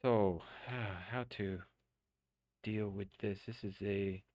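Man, deep low voice, casual game streamer, chatty and rambling, dry close mic. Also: fairly even intonation, takes it slowly, darkish tone, dry recording, dull audio. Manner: rambling, chatty, thinks aloud with restarts. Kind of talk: casual let's-play commentary. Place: home streaming setup.

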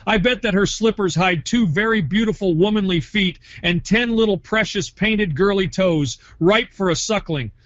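A man's voice: high-pitched, moderate pace, hardly any pauses, dry recording. Give me a man reading a prank text over dull call audio.

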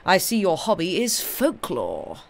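A woman's voice: fairly low pitch, wildly swooping pitch, unhurried, creaky, exaggerated voice. A woman reading the lines of a sneering, carelessly cruel older male colonel in an airy, mocking tone, from a storybook.

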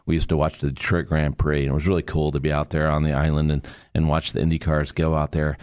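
A middle-aged man from Michigan hosting a podcast, talking in an animated, emphatic way and making playful sound effects. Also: extremely low pitch, fast talker. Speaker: podcast host. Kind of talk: casual podcast talk.

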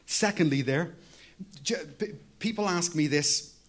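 A male pastor with a fairly high voice delivers a sermon in a chatty, conversational way. He keeps turning to the congregation with questions and calls of "Amen?". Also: measured pace.

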